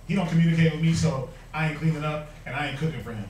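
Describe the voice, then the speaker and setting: A man's voice: on the high side, racing, few pauses, a little mellow. A man teaching a Bible class, preaching emphatically with rhetorical questions and mocking quotes. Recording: echoey room, mic far off.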